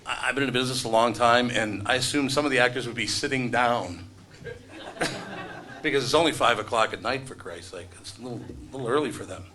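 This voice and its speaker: A man's voice: mid-range voice, fast, pushed and bright, a little hiss or hum. A middle-aged man, a radio host emceeing a live event, joking with the crowd in wry, sarcastic asides. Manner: wry, sarcastic asides and self-deprecating jokes. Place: event room before a live audience.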